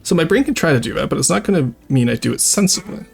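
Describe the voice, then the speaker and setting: A fairly high, gravelly male voice with a breathy edge races along expressively over soft background music. He's a French Canadian streaming a strategy game, chatty and rambling, swearing freely and laughing a lot. It's casual live-stream talk mixed with commentary on the game.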